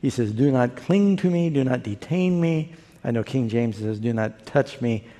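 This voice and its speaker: A man preaching a sermon with a mellow, relaxed tone, acting out the quotes and stories he tells in an animated way. His voice rings with the long reverb of a large hall, as if heard in a church sanctuary. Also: mid-range voice, moderate pace. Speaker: pastor.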